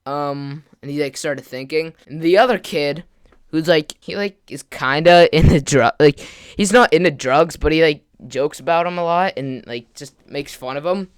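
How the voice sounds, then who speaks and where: With a smooth, slightly high voice, a male gaming vlogger chats through a casual storytime to his camera. He rambles with lots of "like" and "kinda" and acts out his friends' words in quick quotes.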